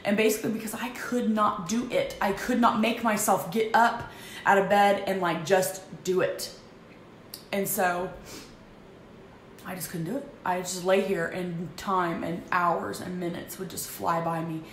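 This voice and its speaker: A woman in her thirties candidly confessing her struggles in a halting, emotional vlog, with frequent restarts. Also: fairly low pitch, fairly even intonation. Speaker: vlogger. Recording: echoey room with faint background noise.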